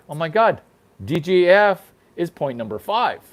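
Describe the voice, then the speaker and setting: A man's voice: a little high, sing-song, normal speed. A man hosting his own show, delivering a crude, rambling comedic monologue that repeats itself. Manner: crude, provocative, repeats himself. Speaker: host. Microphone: single microphone, no sound effects.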